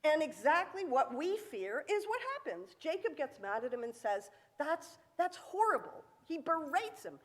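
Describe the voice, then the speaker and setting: A woman's voice: sits high, very animated, moderate pace, hardly any pauses. A woman giving a sermon in a synagogue sanctuary, telling a story with vivid acted-out quotes and rhetorical questions. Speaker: sermon speaker. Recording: echoey hall.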